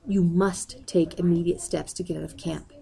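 A woman's voice: lowish voice, steady tone, brisk, vocal fry, darkish tone. A woman voicing a worried old man who urges and pleads with urgency. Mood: urgent. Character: worried old family friend.

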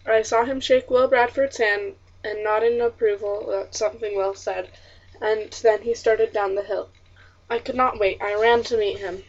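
Husky woman reading a diary story. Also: medium pitch, fairly even intonation, normal speed. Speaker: audiobook narrator. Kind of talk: first-person storybook narration. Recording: distant, muffled audiobook recording.

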